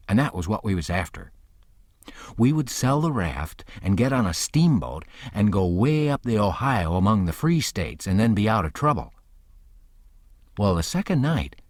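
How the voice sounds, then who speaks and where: A man's voice: low voice, dry recording, clean studio sound. A man narrating a classic novel as an audiobook, telling it plainly in a boyish, folksy first-person voice.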